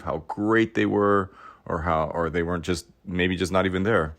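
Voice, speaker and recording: A man hosting a podcast, talking in a reflective monologue that is earnest and self-questioning, with wry asides and restarts. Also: low-pitched. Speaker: podcast host.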